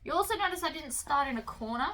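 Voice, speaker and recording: A woman's voice: high-pitched, animated, quick pace, pushed and bright, a little hiss or hum, rough recording. A woman giving a casual, chatty sewing tutorial, explaining each step as she works.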